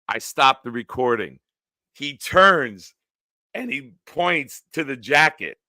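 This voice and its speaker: A man's voice: medium pitch, very animated, takes it slowly, pushed and bright, no echo, studio quality. A man hosting a casual live-stream sports talk show, ranting with lots of profanity and answering chat comments.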